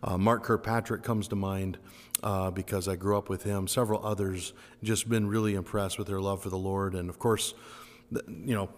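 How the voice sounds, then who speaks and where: A man's voice: low voice, fairly even intonation, normal speed. A man hosting a podcast interview at a camp, friendly and eager, with lots of affirming interjections. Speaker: podcast host. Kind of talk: casual interview chat. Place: indoors at a summer camp. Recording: roomy echo with long reverb.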